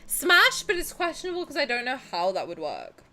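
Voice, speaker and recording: Young streamer girl, kinda high bright voice, bouncy, cheeky and swears a lot, faint music behind. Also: fast talker. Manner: animated and cheeky, swears and laughs often. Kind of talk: casual live-stream chat. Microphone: headset with headphones.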